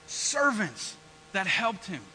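Sermon monologue: a man as the young prodigal son, high, very bright voice, cocky then humbled, with a faint hum behind. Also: slow pace, exaggerated voice, poor audio. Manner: animated storytelling, swings between loud and hushed. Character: brash, repentant young prodigal son, male. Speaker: preacher in character. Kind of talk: first-person narrative sermon monologue.

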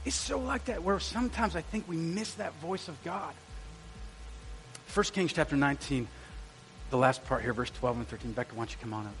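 A pastor preaches a sermon in a church sanctuary, telling stories conversationally and making asides straight to the congregation. His voice is on the high side and a bit bright, at normal speed, with a little hiss or hum in the audio.

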